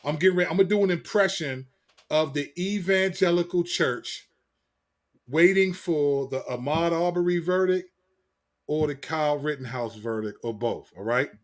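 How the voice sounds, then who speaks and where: A man hosting a podcast, talking in loose, slangy banter with quick restarts. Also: a little high. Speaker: podcast host. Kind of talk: casual chat.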